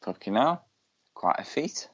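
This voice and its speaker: Blunt low-voiced man, dull lo-fi audio. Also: sing-song, a little slow, a bit bright. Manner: blunt, swears, short reactions. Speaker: podcast co-host. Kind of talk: casual wrestling chat.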